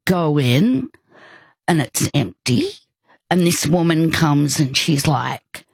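An older woman, telling a personal story in casual conversation, rambling warmly with restarts and asides. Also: sits low, animated, takes it slowly, vocal fry, slightly rough, no echo.

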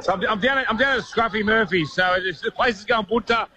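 A man's voice: high voice, fast talker, over a noisy crowd. A man with an Australian accent, a roving radio reporter bantering and joking down a phone line from outside a busy pub. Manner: laddish, joking. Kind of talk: casual banter over phone.

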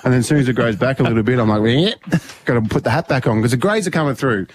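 A man's voice: mid-range voice, animated, rapid-fire, a little hiss or hum. A middle-aged Australian man co-hosting breakfast radio, telling rambling stories and laughing at himself. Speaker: radio co-host.

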